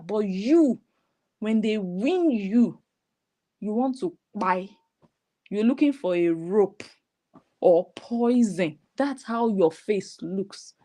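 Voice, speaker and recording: A woman's voice: medium pitch, dark tone. A woman, giving mocking, scolding reaction commentary on clips she plays. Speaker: online commentator.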